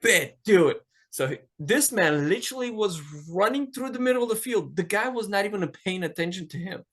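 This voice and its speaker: A man hosts a podcast and tells a story in a loose, casual chat. He talks in an animated way, swears freely and acts out what other people said. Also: high-pitched, brisk. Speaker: podcast host.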